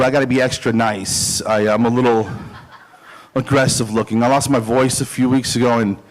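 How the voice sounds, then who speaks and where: A middle-aged man, a dental hygienist, doing a loose stand-up comedy set, self-deprecating and halting, with many fillers and chuckles. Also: mid-range voice.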